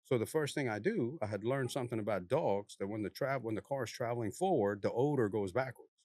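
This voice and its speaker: A man, a former narcotics task force officer, telling a story in a casual, animated way, laughing often and swearing freely. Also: medium pitch, quick pace, no room sound, studio quality.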